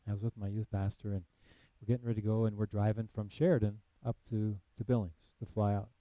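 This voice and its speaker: A man's voice: lowish voice, little pitch movement, quick pace, dark tone, no room sound, poor audio. A man in missionary work telling his personal faith testimony in an earnest storytelling way, acting out past conversations between frequent fillers. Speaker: missionary ministry leader.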